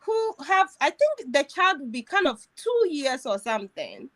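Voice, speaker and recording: A woman's voice: sits high, big pitch swings, moderate pace, a bit bright. A woman telling a personal story in casual chat, emotional and laughing as she goes, with many restarts. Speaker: host.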